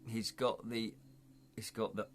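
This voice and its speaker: A man's voice: lowish voice, flat delivery, a little slow, soft background music. Joking, rambling man reading a gamebook. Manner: jokey and rambling, breaks off the reading to chat and laugh; stumbles and restarts over words while reading aloud. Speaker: streamer hosting a live gamebook read-through. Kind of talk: casual live-stream reading of an adventure gamebook.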